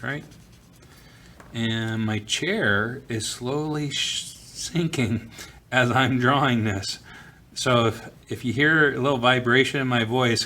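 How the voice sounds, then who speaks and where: A man teaching art, talking casually through a drawing tutorial from a school office, pausing with fillers as he works. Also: medium pitch. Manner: relaxed, talks while drawing, frequent fillers.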